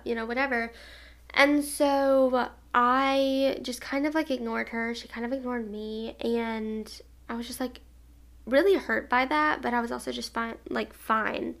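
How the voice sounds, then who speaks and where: A young woman in her twenties with a fairly high voice that keeps dropping into vocal fry. She tells a personal story in a casual, rambling way, piling up fillers and restarts. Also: a bit bright. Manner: rambling, filler-heavy with frequent "like".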